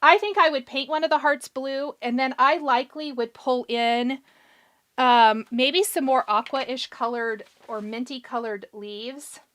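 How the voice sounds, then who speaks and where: High-voiced chatty woman hosting a craft livestream. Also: a little slow, fairly bright tone. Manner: chatty, encouraging, thinks aloud while working. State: a bit hoarse. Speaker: craft show host. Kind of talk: live craft tutorial, reading chat comments.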